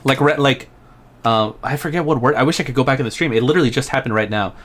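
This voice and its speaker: A man's voice: medium pitch, fast talker, a bit bright. A young man with a Mexican accent, chatting casually with a friend while he plays a game, often distracted and trailing off. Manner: distracted, laughing, trailing off mid-sentence. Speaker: streamer. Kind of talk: casual chat while gaming.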